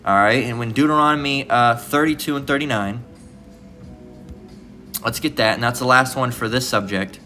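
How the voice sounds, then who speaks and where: A man's voice: medium pitch, normal speed, pauses often, sharp tone, soft background music. Profane, rambling man preaching scripture. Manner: rambling, profane, repeats "all right?". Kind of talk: informal scripture lesson.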